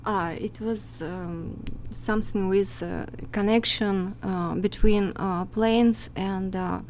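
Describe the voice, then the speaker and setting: A woman guest talking slowly and haltingly, pausing often as she searches for words in imperfect English. She speaks at an unhurried pace, with a faint hiss of noise behind her. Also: medium pitch, fairly even intonation, darkish tone. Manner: halting, hesitant non-native English. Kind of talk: casual conversation.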